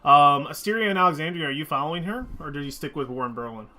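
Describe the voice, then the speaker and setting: Male game master, bright, slightly high voice, halting narration. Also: lively intonation. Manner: halting, many fillers and restarts.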